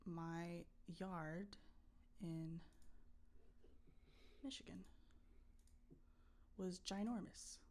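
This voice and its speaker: A woman's voice: lowish voice, very slow, long pauses. A young woman co-hosting a podcast, casually telling a story with lots of swearing, acted-out voices and laughter. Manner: animated, swears, acts out voices and laughs a lot. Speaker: podcast co-host. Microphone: streaming setup mic.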